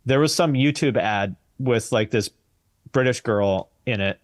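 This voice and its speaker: A man's voice: mid-range voice, a little slow, dry recording, studio quality. An American man, a podcast guest in casual chat, blunt and sardonic, swearing casually. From United States.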